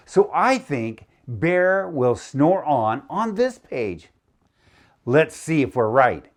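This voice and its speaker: Storyteller for kids, lively sing-song pitch, unhurried, encouraging, soft music underneath. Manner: encouraging, asks the listener to repeat words. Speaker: children's storyteller and teacher. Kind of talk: interactive read-aloud lesson for young children.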